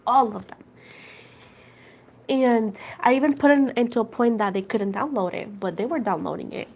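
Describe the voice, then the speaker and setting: A woman's voice: a little high, moderate pace. A woman hosting a casual tarot livestream, chatting with viewers and going over each point twice. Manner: chatty, animated storytelling, repeats points a second time for viewers; addresses viewers as "guys" and "girl".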